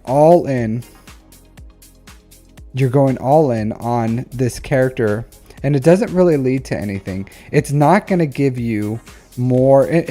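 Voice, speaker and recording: A mellow-voiced man of medium pitch gives account reviews on a live stream, his commentary casual and rambly. He repeats phrases and says "like" and "um" often, with faint music underneath.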